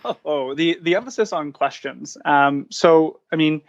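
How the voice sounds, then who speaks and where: A man's voice: on the high side, unhurried, gravelly, muffled recording. A man speaking as a podcast guest in reflective interview talk, earnest and searching, with frequent restarts. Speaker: podcast guest, founder of a coaching practice.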